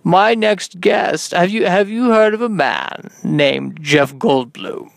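A man putting on a pompous male talk-show host who announces guests in a slow, drawn-out way. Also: high voice, gravelly, no echo, pitched above the performer's own voice, heavily acted. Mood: grand, showy. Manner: drawn-out, grandly announcing delivery.

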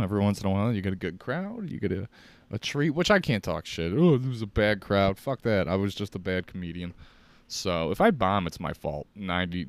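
A young man with a deep voice and a Chicago accent, hosting a solo podcast and rambling casually with lots of swearing. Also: vocal fry, no echo. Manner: profane, rambling, jokey. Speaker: podcast host.

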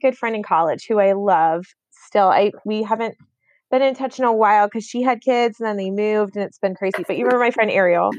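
A woman's voice: medium pitch, a little fast, darkish tone, no room sound, lo-fi sound. A woman in her thirties co-hosting a podcast, rambling in a casual chat with many fillers and restarts. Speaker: podcast co-host.

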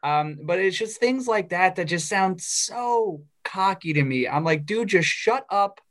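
A young man co-hosting a sports podcast, talking casually and getting heated and animated as he airs his opinions. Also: high voice, a little slow. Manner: opinionated, animated when ranting. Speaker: podcast co-host. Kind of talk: casual chat.

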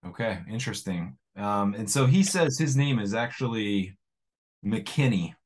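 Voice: medium pitch, lively intonation, a little slow. An interviewer chatting casually with a guest, mostly giving short agreeing replies. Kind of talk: conversational interview.

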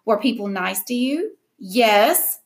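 A woman's voice: fairly high pitch, lively intonation, takes it slowly. A woman reading an audiobook, voicing a sulky, terse young boy. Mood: irritated.

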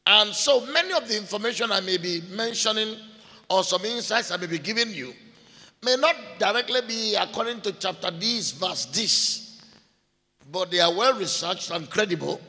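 A man teaching a sermon in a deliberate way, repeating key phrases and spelling out names letter by letter. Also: high-pitched, animated, sharp tone. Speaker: preacher. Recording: long hall reverb.

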